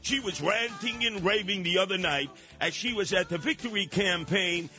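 An older man hosts talk radio, brash and sarcastic, slipping into mocking voices. His voice sits high for a man and rings bright and forceful. Light music plays under him. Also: moderate pace. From New York. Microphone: studio microphone.

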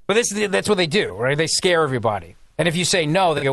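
Sarcastic high-voiced talk radio man. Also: quick pace, few pauses, no echo, studio quality. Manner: sarcastic, mocking, animated. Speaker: fill-in talk radio host. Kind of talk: political talk radio monologue.

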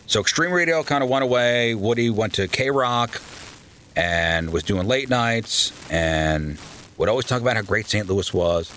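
Man, low voice, lively pitch, casual storytelling interview, faint background noise. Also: measured pace, low-quality recording. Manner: animated storyteller, acts out quoted voices. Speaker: radio host guest.

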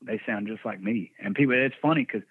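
A man's voice: on the low side, fairly quick, husky, no room sound. A man from Texas with a Texan accent, telling stories in a candid, laid-back way and swearing freely during a casual interview. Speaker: band vocalist, podcast guest. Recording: dry tinny phone-like line.

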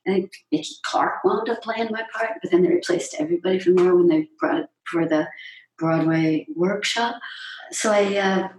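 A chatty woman actress, a guest, tells theater stories in a slightly low voice, starting sentences over and acting out the people in them. Her voice sits back from the microphone in a roomy, echoing space. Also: moderate pace, darkish tone. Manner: chatty, self-interrupting, acts out quotes. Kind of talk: anecdotal interview storytelling. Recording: roomy echo, distant mic.

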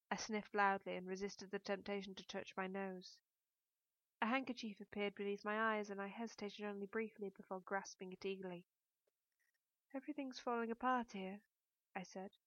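A woman narrating a first-person novel in a measured, introspective way. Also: medium pitch, a bit bright, no room sound, dull audio. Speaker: audiobook narrator.

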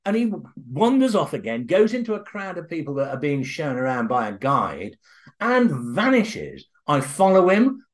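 An older man, a guest author telling a story in an interview, halting at times with restarts, then eager and animated. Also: a little high.

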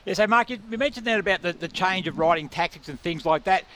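A man's voice: sits high, fast talker, bright, forceful tone, slight background noise. A man co-hosting a radio interview, asking long questions that he restarts several times. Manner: rambling, restarts his questions. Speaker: radio co-host and coach.

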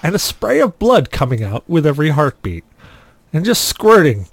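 A man hosting a casual podcast, telling a story with lively acted-out quotes. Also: fairly high pitch, moderate pace, no room sound. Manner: animated storyteller, acts out quotes loudly. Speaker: podcast host.

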